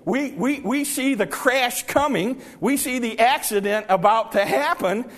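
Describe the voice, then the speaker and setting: A man's voice: extremely high pitch, measured pace, fairly bright tone, long reverb tail. A man preaching a sermon in church, telling folksy stories and repeating words when he presses a point.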